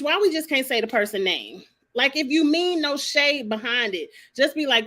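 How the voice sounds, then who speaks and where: A woman's voice: on the high side, very animated, moderate pace, a bit bright. Sassy, blunt woman ranting. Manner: blunt, sassy, swears freely. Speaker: vlogger commenting on a reality show. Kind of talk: casual opinionated commentary.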